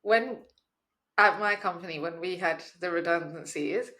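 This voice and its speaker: A young woman co-hosting a casual podcast chat, relaxed with playful asides. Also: lowish voice, unhurried. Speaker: podcast co-host.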